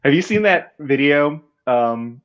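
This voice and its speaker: A man's voice: on the high side, expressive, takes it slowly, lo-fi sound. A man co-hosting a podcast, talking candidly and reflectively in casual chat. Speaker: podcast co-host.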